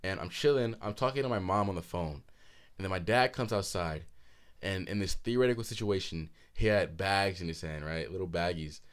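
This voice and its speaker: A man in his twenties co-hosting a podcast, telling a story animatedly with frequent laughter and swearing, a bit hoarse. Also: deep voice, fairly quick. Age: 20s. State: hoarse throat. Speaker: podcast co-host. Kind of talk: casual chat.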